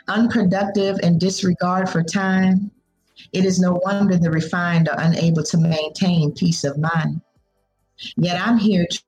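A woman poet reciting spoken word poetry with measured, deliberate delivery, and talking casually about her writing. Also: lowish voice, darkish tone, slightly rough, low-quality recording. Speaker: poet guest.

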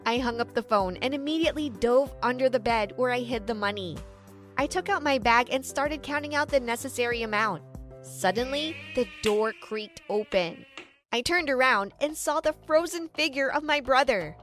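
High-voiced woman narrating a story. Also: normal speed, a bit bright, faint music behind. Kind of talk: first-person story narration.

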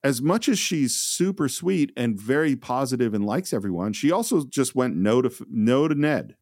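A man's voice: mid-range voice, sing-song, moderate pace, darkish tone, no echo, studio quality. A male podcast co-host in casual film discussion, recapping scenes and acting out lines.

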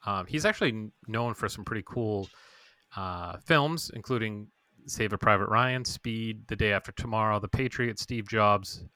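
A man's voice: on the low side, pushed and bright, dry recording. A young adult man co-hosting a podcast, recapping an episode in casual chat, teasing and with many filler words. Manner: teasing, many "uh" fillers when reading notes. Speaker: podcast co-host.

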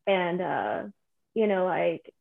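A woman from northern New Mexico chatting casually, rambling with many restarts and lively quoting. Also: lowish voice, slow pace, vocal fry. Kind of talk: casual conversation. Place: home in Santa Fe. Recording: phone-like video call audio.

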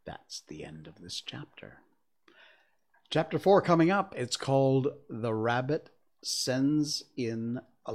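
Male streamer, chatty and animated, reads storybook aloud, lively pitch. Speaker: livestream host and reader. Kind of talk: casual storybook reading on a livestream.

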